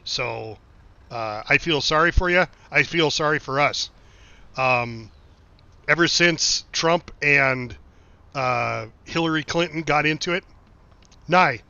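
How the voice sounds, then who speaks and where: A middle-aged man from the United States chatting casually on a game live stream, his voice bright and a touch high. He drifts through rambling stories full of swearing and answers viewers as they come in. The sound is dry and a little dull, like a basic stream mic. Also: takes it slowly, creaky, pauses often, dry recording. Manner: rambling anecdotes, frequent swearing and laughing asides. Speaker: game streamer reading chat.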